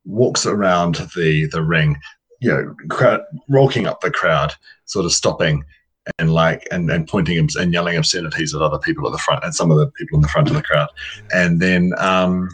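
A man's voice: low-pitched, normal speed, a bit bright, breathy edge, rough recording. A man narrating his tabletop game turn, rambling and hesitant with many fillers. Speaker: player.

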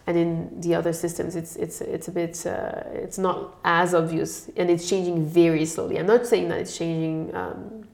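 A woman gives thoughtful, explanatory answers as an interview guest, her voice pitched a little low. The sound is roomy and echoey around her. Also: little pitch movement, moderate pace, creaky, hardly any pauses, a little mellow. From France. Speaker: guest expert. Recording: echoey room.

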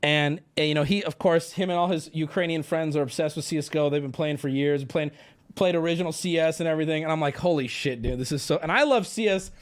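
A man with a high-pitched voice chats to his stream audience. He tells a story in a loose, animated way, full of fillers and casual swearing. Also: quick pace.

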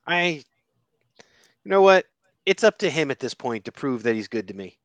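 Male co-host, expressive and bouncy, easy laugher, dry close sound. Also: on the high side, normal speed, no echo. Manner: lively, laughs often, reacts loudly. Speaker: podcast co-host. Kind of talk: casual chat.

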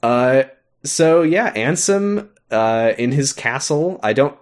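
A man co-hosting a podcast, casually recapping a video game with lots of fillers and quick laughs. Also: medium pitch, animated. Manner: rambling, with many fillers, laughs and acted-out quotes. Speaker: podcast co-host.

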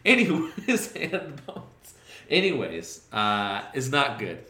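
A man co-hosting a podcast, casually recapping movies in a rambling, profane, deadpan jokey way with quick voiced asides. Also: medium pitch, echoey room. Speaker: podcast co-host.

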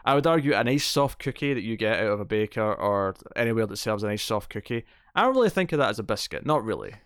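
A man co-hosting a podcast, chatting casually and giving animated, opinionated takes with jokes along the way. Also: lowish voice, clear, resonant tone, no room sound, studio quality. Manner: animated, opinionated, quick to joke. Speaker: podcast co-host. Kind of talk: casual chat.

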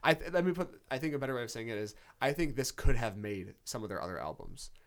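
A man's voice: mid-range voice, animated, fast talker. A man co-hosting a podcast, chatting casually about an album with frequent fillers and restarts. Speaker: podcast co-host.

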